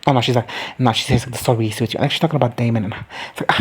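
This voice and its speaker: A man's voice: medium pitch, brisk, a little hiss or hum. A man giving a casual, profane and campy recap of a TV episode, slipping into mocking voices for the characters. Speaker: recap commentator.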